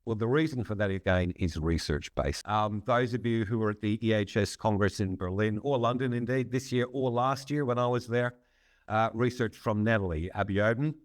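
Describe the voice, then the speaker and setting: Podcast guest: man, lowish voice, measured explainer, dry close sound. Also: no echo. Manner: measured, frequent "um" and restarts, occasional laugh. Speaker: psychologist and consultant, podcast guest. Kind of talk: conversational expert explanation.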